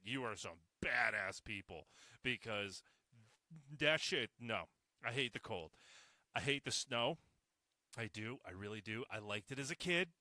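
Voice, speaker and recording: Animated, profane man ranting. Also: medium pitch, dry recording. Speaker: podcast host. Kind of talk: casual solo podcast rant.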